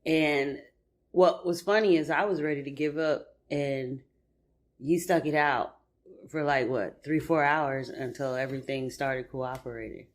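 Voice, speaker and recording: A woman with a low-pitched voice co-hosts a relaxed podcast with her husband over breakfast at home. She agrees with him readily and laughs easily as they talk. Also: unhurried. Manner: warm, affirming, laughs easily. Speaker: podcast co-host, wife. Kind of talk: casual chat.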